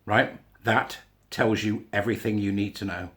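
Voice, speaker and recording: A podcast host delivers a casual opinion monologue in a fairly low, steady, slightly bright voice at normal speed. He's blunt and sarcastic, swears, laughs to himself, and puts on a mock Scottish accent.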